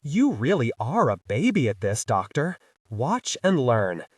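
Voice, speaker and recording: A man's voice: mid-range voice, sing-song, a little slow, no echo, recorded from a distance. A savvy female reporter with a wry, knowing way of teasing, as a man reads her in an audiobook. The sound is dry and close.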